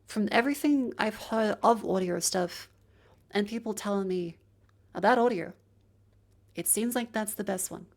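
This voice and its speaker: A woman's voice: medium pitch, normal speed. Chatty woman streamer testing her mic. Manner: chatty, talks through a microphone test step by step. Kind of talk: casual live-stream chat. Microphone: handheld mic moved to different distances.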